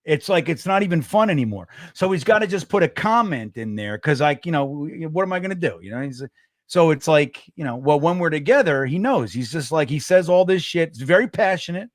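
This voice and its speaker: Animated high-voiced New man. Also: a little fast, dry recording, clean studio sound. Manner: animated, swearing, acts out quotes in a raised voice. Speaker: co-host. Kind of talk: casual sports podcast chat.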